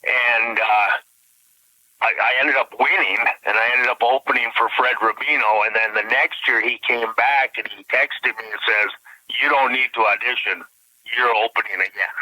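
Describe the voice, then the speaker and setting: A man with a thick Iron Range Minnesota accent is on a phone call as a comedian guest, casually spinning blunt, folksy stories. The dry phone-line recording makes his medium-pitched voice sound pushed and bright; his intonation stays fairly even at a moderate pace.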